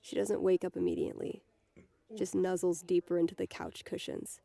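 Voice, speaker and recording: Gravelly low-voiced woman reading a novel. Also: little pitch movement, moderate pace, warm tone, no room sound. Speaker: reader.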